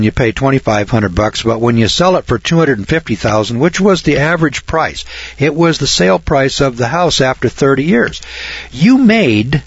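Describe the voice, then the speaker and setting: A man's voice: mid-range voice, no room sound. Sarcastic folksy man lecturing on costs. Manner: sarcastic, folksy, mock amazement. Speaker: financial lecturer. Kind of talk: lecturing through figures. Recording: dull, lo-fi dry recording.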